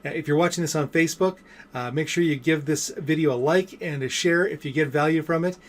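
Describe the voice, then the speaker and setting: A man's voice: on the high side, fairly quick. A middle-aged man vlogging as a business coach, telling stories in a loose, chatty way with lots of fillers and restarts. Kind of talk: casual motivational talk to camera.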